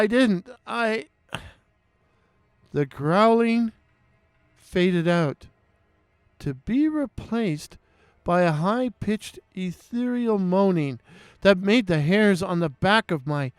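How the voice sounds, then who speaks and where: A man narrates a creepy first-person story, slow and deliberate, full of nervous stops and restarts. His voice sits high and sounds smooth and clear. The recording is close and dry. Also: no room sound. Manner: dramatic, halting, with nervous restarts.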